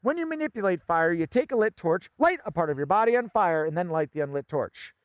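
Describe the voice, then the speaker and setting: A man's voice: high-pitched, expressive, fairly quick, no echo, highs cut off. Theatrical man doing comic fire patter. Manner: theatrical, bossy, bursts into shouting. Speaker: fire performer.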